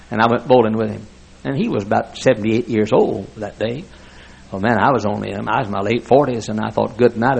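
A man's voice: mid-range voice, gravelly, fairly bright tone, poor audio. An older man preaching a folksy sermon full of stories, chuckling often as he talks. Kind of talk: sermon with anecdotes.

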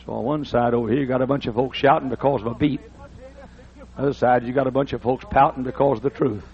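A man preaching a sermon, dropping to low talk and rising to shouted, half-sung hymn lines. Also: fairly quick, muffled recording. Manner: swings from low mutter to shouted singing of hymns. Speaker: pastor.

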